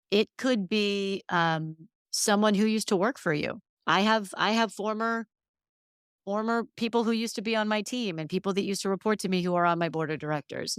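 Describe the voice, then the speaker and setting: A middle-aged woman hosts a solo podcast about careers, speaking earnestly and emphatically and sometimes growing emotional. Her mid-range voice is clear and resonant. The recording is dry and studio quality.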